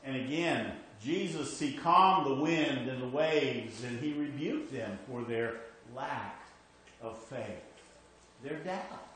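A man preaching a conversational sermon as pastor, shifting from emphatic to hushed, with frequent restarts. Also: mid-range voice, slow, heavy reverb, a little hiss or hum, low-quality recording.

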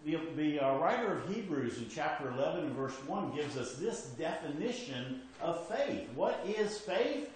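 Male pastor, slightly high voice, conversational preaching that drops to hushed moments, heavy church reverb. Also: very animated, moderate pace, few pauses, slight background noise. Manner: conversational preaching with restarts, swings from emphatic to hushed. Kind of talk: sermon.

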